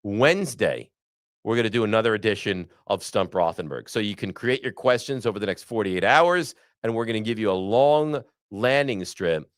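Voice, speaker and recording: A man's voice: fairly low pitch, lively intonation, moderate pace, no echo, clean studio sound. A man hosting a sports podcast, ranting bluntly and with frustration about his team. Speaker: podcast host. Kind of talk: sports talk.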